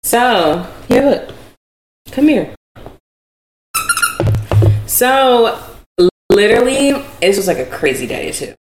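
A woman's voice: medium pitch, very animated, takes it slowly, pauses often. A woman co-hosting a podcast, telling a story animatedly, full of "like" fillers. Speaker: podcast co-host. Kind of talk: casual chat. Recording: echoey room with background hiss.

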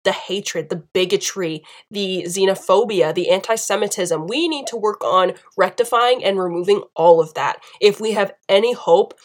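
A woman's voice: medium pitch, normal speed, few pauses. An American woman ranting through a political opinion monologue for her channel. She talks with strong, emphatic conviction, stacking up lists and repeated phrases to hammer her points home. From United States. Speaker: political commentator.

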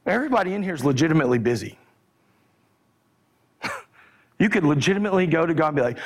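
High-voiced fervent preacher man. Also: quick pace, long pauses. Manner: shouting and fervent, then calmer and conversational. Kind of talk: sermon.

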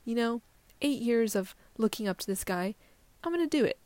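A woman's voice: a little high, expressive, normal speed, a little mellow, no room sound. A young woman hosting her own solo podcast, rambling casually with lots of fillers and swearing, often dropping to a near-whisper. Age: young adult. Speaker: podcast host.

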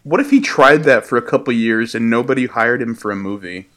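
A man's voice: mid-range voice, brisk, a bit bright, a little hiss or hum. Chatty Midwestern man on a podcast. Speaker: podcast co-host. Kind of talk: casual movie chat.

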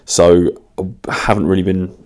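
A young man with a very deep, clear and smooth voice rambles through a casual solo podcast. His talk is loose and peppered with swearing. He keeps laughing at his own expense. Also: little pitch movement, measured pace, darkish tone. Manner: loose, sweary and self-mocking. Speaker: podcast host.

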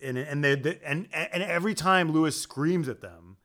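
A man's voice: on the high side, animated, normal speed, fairly bright tone. A man co-hosting a podcast, joking and riffing crudely in casual sports chat. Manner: joking, bawdy riffs. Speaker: podcast co-host.

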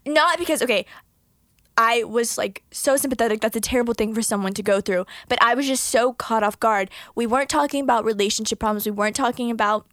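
A young woman tells a story on her podcast in a bright, slightly high voice, laughing often as she talks. The sound is dry and close, with no room around it. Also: fast talker, no room sound. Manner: giggly, laughs through her stories. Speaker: podcast co-host. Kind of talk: casual storytelling chat.

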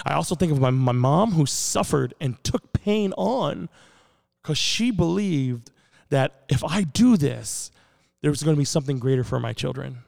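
A man's voice: on the high side, animated, moderate pace, gravelly, darkish tone. A man guest on a podcast, telling a personal story in an earnest, rambling way with lots of fillers. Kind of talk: casual storytelling conversation.

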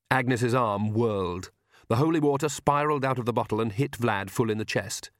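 A man narrating a comic fantasy audiobook in a measured, expressive reading style. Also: mid-range voice, no room sound, clean studio sound.

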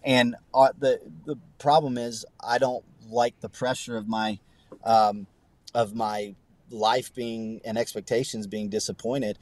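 A man's voice: medium pitch, steady tone, a little slow, dry recording. A man, a guest pastor, telling a personal faith story in an earnest, conversational way with frequent restarts. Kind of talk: conversational testimony on a podcast.

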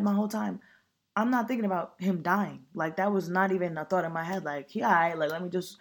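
Young adult telling a heavy personal story. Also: mid-range voice. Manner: casual, slang-heavy and profane, earnest.

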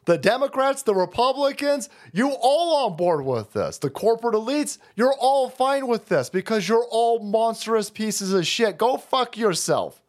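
A man's voice: extremely high pitch, animated, measured pace, few pauses. A man hosting a stream, ranting about politics and prices in a foul-mouthed, mocking way. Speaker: stream host.

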